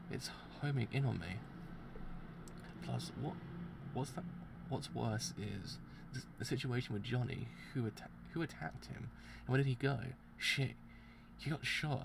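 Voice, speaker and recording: A man's voice: medium pitch, vocal fry, noisy background, close to an everyday voice. A man reading as a tense young racer, muttering.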